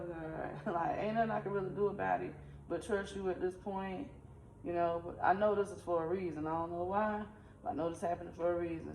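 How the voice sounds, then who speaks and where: A woman shares a faith story in a relaxed, animated, chatty way. Her voice sits at a middle pitch. It's recorded in an echoey room with a faint hum underneath. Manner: animated, conversational, uses dialect. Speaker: spiritual vlogger. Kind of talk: casual storytelling testimony.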